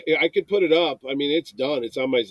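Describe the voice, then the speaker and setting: A man's voice: fairly high pitch, fast, lo-fi sound, a crowd in the background. A man in his fifties from New York, a convention producer telling stories in casual chat and acting out the voices of the people he quotes. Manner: animated storyteller, acts out quoted voices.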